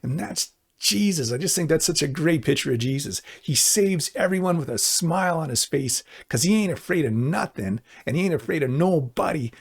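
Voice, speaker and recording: A middle-aged man preaching as a pastor, earnest and conversational, slowing into emphatic appeals. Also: on the high side, lively intonation, creaky, husky. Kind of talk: sermon.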